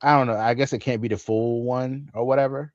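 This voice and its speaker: A man's voice: mid-range voice, fairly even intonation, fairly quick, no echo. A man co-hosting a tech podcast in laid-back casual chat, swearing easily and laughing as he mimics others. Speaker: podcast co-host. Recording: dull, dry lo-fi audio.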